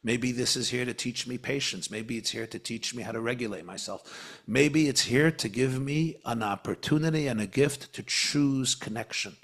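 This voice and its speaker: A gravelly man's voice explains spiritual ideas in an animated conversational way. He leans on repetition for emphasis and keeps a mid-range pitch. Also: moderate pace. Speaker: spiritual teacher guest. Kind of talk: podcast conversation.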